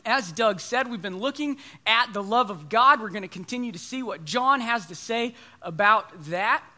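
Guy in his 30s giving a chatty sermon, bright voice, jokes on himself. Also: sits high, expressive, moderate pace. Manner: conversational, self-deprecating storytelling. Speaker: preacher.

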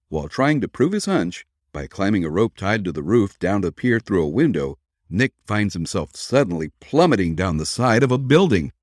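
Man, very deep voice, animated storytelling narration, dry close mic. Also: no echo. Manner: measured storytelling with lively inflection. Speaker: podcast narrator reading a serial. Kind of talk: dramatic audiobook narration.

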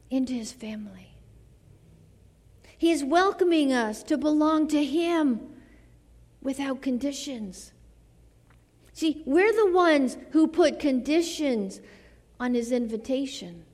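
A woman with a high voice preaches a sermon in a slow, deliberate rhythm. Her delivery is dramatic, sinking to hushed phrases and then lifting into fervent calls. The sound carries a long reverb from a large hall. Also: animated. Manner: slow, dramatic delivery with soft drops and rising exclamations.

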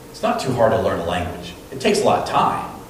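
Male pastor, mid pitch, lively delivery, heard from a distance in a very echoey church hall. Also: fairly quick, a little hiss or hum. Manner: animated storytelling, acting out quotes. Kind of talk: sermon. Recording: very echoey room, mic at a distance.

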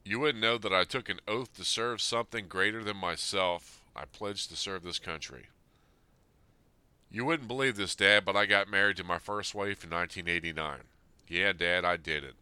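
Man in his fifties with a low voice and a hard, forceful edge. He is earnest and plain-spoken, reading a letter aloud and then reflecting on it. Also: normal speed, clear, resonant tone, no room sound. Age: 50s. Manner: earnest, plain-spoken, speaking straight to his late father. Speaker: Army veteran sharing a personal letter.

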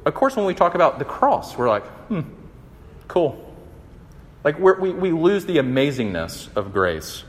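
A young man giving a conversational, animated sermon, acting out the quotes. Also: fairly high pitch, moderate pace, hardly any pauses. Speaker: campus minister. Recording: long hall reverb.

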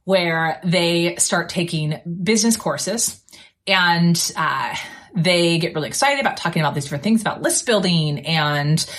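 Energetic woman speaking coach, lowish voice. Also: moderate pace. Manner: energetic, conversational, emphatic, blunt asides. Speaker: podcast host and speaking coach. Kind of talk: solo podcast coaching talk.

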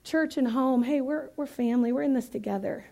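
Woman from Iowa, high voice, guest preacher; chatty, funny, emphatic sermon delivery. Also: a little fast, vocal fry. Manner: lively, conversational, joking, emphatic. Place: church.

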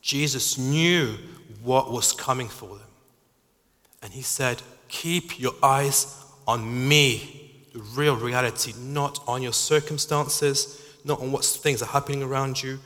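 A man gives a sermon in an earnest, halting way. He often restarts his phrases. His voice is bright and forceful, and a long hall reverb trails behind it. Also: mid-range voice, steady tone. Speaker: preacher.

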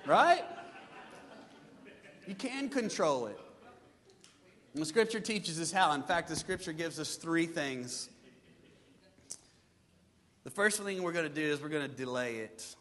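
A pastor preaching a sermon with lively delivery, acting out his listeners' excuses in changing voices. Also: fairly high pitch, unhurried, pauses often, long reverb tail. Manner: animated preaching, mimics congregants' excuses.

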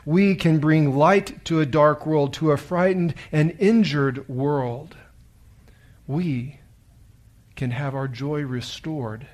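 A man preaching, telling a sermon story in a slow, solemn, hushed way. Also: on the high side. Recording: very echoey room, distant mic.

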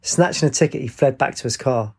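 Husky man reading a novel. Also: medium pitch, fairly quick, darkish tone. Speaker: narrator. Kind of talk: audiobook narration.

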